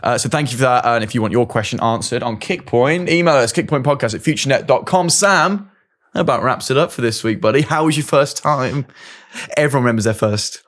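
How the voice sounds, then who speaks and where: A man's voice: mid-range voice, brisk, fairly bright tone. A man hosting a podcast, chatting casually and jokily while giving gear advice. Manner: chatty, jokey, gives friendly advice. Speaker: podcast host.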